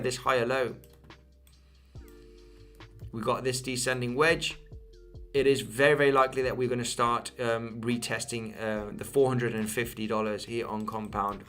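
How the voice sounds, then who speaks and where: A fairly bright, medium-pitched voice belongs to a young man from Spain hosting a live crypto chart stream. He answers chat in an English accent inherited from his Isle of Man mother, repeating himself with plenty of fillers and restarts. He refers to his viewers as "guys."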